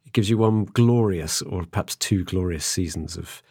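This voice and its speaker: A man's voice: deep voice, normal speed, vocal fry, a little mellow, slightly rough, no echo, clean studio sound. A middle-aged man hosting a podcast, chatting casually and rambling with many restarts. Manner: rambling, restarts often, chuckles. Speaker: podcast host. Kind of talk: casual conversation.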